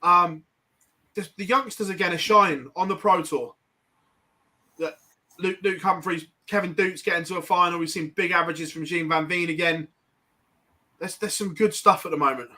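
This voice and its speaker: A man's voice: sits high, normal speed, pauses often, bright, forceful tone. A man with an English accent hosting a casual chat, chatty and laughing often as he steers the topics. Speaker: podcast host. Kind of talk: casual banter.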